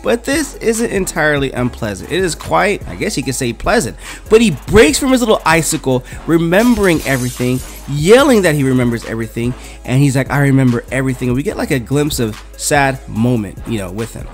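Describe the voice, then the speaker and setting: A man's voice: a little high, big pitch swings, brisk, faint music behind. Laid-back man reviewing comics. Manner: laid-back, slangy, says "like" a lot.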